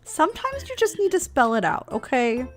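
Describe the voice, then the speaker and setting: Guest: woman, high and very lively voice, self-mocking, laughs a lot, faint music behind. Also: moderate pace. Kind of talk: casual chat.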